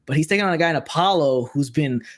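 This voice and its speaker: Male podcast host, rapid rambling delivery, a bit high-pitched. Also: animated. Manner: rapid, rambling, asks "right?" a lot. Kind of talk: casual chat.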